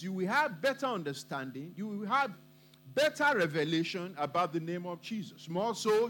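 A man's voice: high voice, pushed and bright. A man preaching a sermon to his congregation, emphatic and repeating his points for weight.

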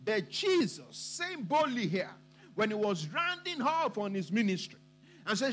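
A man's voice: sits high, sing-song, measured pace, fairly bright tone. A man preaching a sermon to his congregation, emphatic and repeating his points for weight.

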